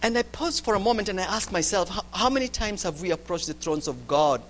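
A man delivers a sermon. He moves between loud, urgent stretches and quiet, hushed ones. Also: high voice, lively intonation, brisk, slight background noise. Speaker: preacher.

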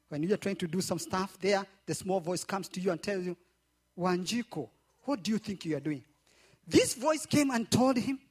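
A man's voice: high-pitched, husky. A man preaching a sermon, telling a story and repeating phrases back to the congregation. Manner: repetitive call-and-response preaching.

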